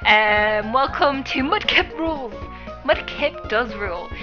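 Giggly high-voiced woman streamer. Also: animated, slow, muffled recording, over music. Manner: chatty, giggly, greets viewers by name. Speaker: game streamer. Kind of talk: live stream chat while gaming.

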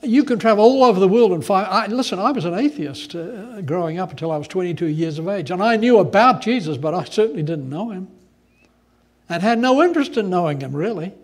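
A male pastor delivering a sermon in a fairly high voice. His preaching is animated and conversational. He moves easily between explaining scripture and telling stories. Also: brisk.

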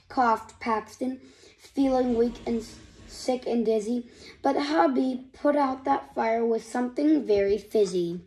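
A woman reading a picture book aloud in a slow, gentle way, with small restarts. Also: fairly high pitch. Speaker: storyteller.

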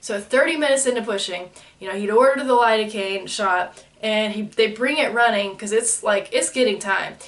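Animated young woman, a bit off-mic. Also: mid-range voice, moderate pace, recorded from a distance. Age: 20s. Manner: animated, laughs often, acts out quoted lines. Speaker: vlogger telling her birth story. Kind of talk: casual storytelling.

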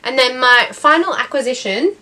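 A woman's voice: high voice, normal speed, bright, forceful tone, slight background noise. A young woman, hosting her knitting podcast in a chatty, rambling way with lots of ums and restarts. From Australia. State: has the hiccups. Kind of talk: casual chat.

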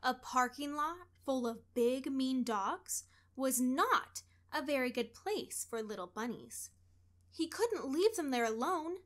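A children's story is read aloud by a woman whose voice sits high. She narrates in a careful, expressive storytelling style.

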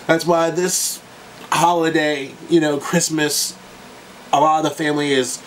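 A man's voice: a little high, level tone, a little slow, far from the mic, a little hiss or hum, low-quality recording. A young man talking straight to his viewers in a casual reaction vlog, tearful and crying at times, emotional and swearing freely. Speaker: YouTube music reactor.

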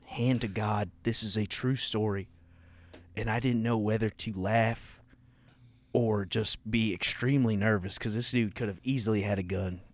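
Loud profane young male comedian. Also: on the low side, steady tone, normal speed. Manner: loud, profane, laughing storyteller. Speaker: podcast host and comedian. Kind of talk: comedic storytelling.

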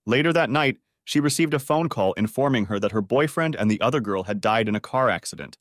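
A man reads a revenge story aloud with an animated, swinging pitch. The recording is close and dry, with no room sound around the voice. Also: fairly quick, no echo. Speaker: audiobook narrator. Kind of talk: scripted story narration.

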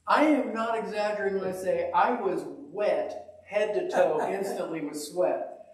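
A man's voice: high voice, a little slow. A man preaching a casual, conversational sermon, telling stories with a folksy, self-deprecating manner. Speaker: pastor. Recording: echoey church hall, mic at a distance.

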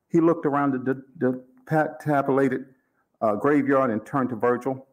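Male author reading his fiction aloud; steady narration, mid-range pitch. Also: normal speed.

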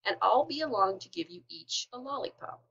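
A woman voicing a brave young adventurer who speaks calmly and steadily. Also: medium pitch, brisk, vocal fry, husky, lo-fi sound, heavily acted. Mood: calm steady. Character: calm brave boy adventurer, the father.

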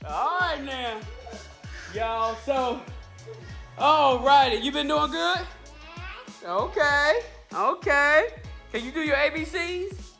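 High-voiced playful woman vlogger. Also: slow, long pauses, bright, forceful tone, faint music behind. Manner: playful, teasing, drawling slang. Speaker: family vlogger. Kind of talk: casual vlog talk to kids and viewers.

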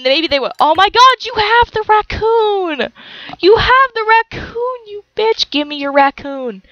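A young woman rattles off gameplay commentary in a bright, sharp voice, shouting at the screen and laughing often. Her pitch jumps all over the place. The recording is dry and a little dull, like a home mic. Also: no echo. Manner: excitable, swearing, shouting at the game, laughing often. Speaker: let's play commentator.

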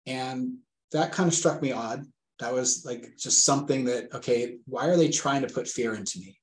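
A man's voice: mid-range voice, moderate pace. A man in his forties, a father being interviewed, retelling a frightening phone call earnestly and vividly. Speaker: guest, a father telling of a scam call. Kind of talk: interview storytelling. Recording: echoey room sound.

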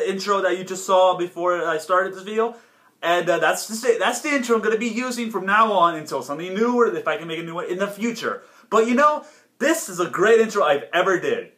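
A man doing casual reaction commentary as a YouTuber, rambling and halting with many restarts. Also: sits high, fairly bright tone. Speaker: YouTuber reacting to a cartoon episode. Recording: roomy echo.

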